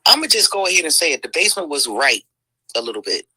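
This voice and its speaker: A woman's voice: low-pitched, big pitch swings, fast talker, pushed and bright, slightly rough, no echo, low-quality recording. A woman hosting a livestream, talking in heated commentary with lots of swearing, sighs and "mm-mm"s. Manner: profane, exclaiming, lots of sighs and mm-mm.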